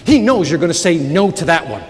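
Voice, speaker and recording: A man giving a live motivational sales keynote, telling stories with sudden loud outbursts. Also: on the high side, big pitch swings, brisk. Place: large conference hall with audience. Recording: reverberant hall, audience noise.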